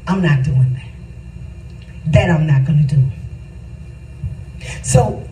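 A woman's voice: deep voice, slow pace, long pauses, warm tone, roomy sound, recorded from a distance, faint music behind, low-quality recording. A woman pastor giving a casual spiritual testimony with an emphatic, repetitive, preacherly cadence.

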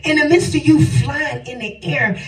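An older woman preaching a sermon, swinging between shouted phrases and a sing-song cadence. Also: high voice, moderate pace. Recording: echoey hall, voice from a distance, faint music.

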